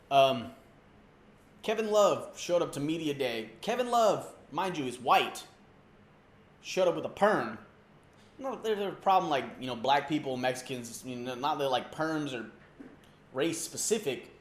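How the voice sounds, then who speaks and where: A man's voice: fairly high pitch, expressive, measured pace, long pauses. A man hosting a comedic sports rant, loose and slangy, mocking and rambling. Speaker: comedy sports show host. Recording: roomy echo.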